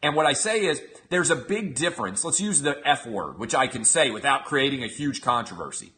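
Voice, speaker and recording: A man's voice: mid-range voice, very animated, fairly quick, bright, forceful tone. A man in his thirties hosting a show, giving an emphatic opinionated monologue and often checking in with his listeners. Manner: emphatic, asks the audience 'all right?'. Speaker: show host.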